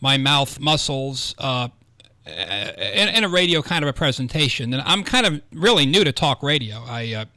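Bright-voiced American radio host. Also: male voice, medium pitch, big pitch swings, normal speed, no room sound. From United States. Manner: clear, articulated radio delivery. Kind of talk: radio talk show interview. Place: radio studio.

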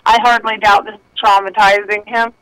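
A woman's voice: mid-range voice, level tone, fairly quick, a bit bright, dry recording. A woman calling in to a radio show, talkative and folksy, heard over a phone line. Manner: talkative, self-deprecating, folksy. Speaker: radio caller. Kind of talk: casual phone-in chat.

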